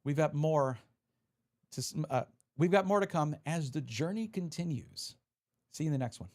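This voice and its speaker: A man's voice: a little high, animated, moderate pace, a little mellow. A man live-streaming, chatting casually and reading out viewer messages as he opens card packs. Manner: chatty, reads chat aloud, restarts often.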